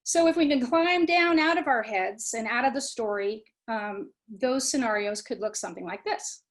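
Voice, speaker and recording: A woman giving a talk on mindfulness, animated, acting out students' inner voices and often asking "right?" and "you know". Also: on the high side, normal speed. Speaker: guest speaker on mindfulness. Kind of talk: talk to a webinar audience.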